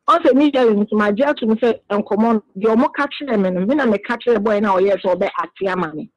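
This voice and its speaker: A woman's voice: mid-range voice, brisk, few pauses, no echo, muffled recording. Woman earnestly explaining her side. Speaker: interviewee. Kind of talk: radio interview in Twi.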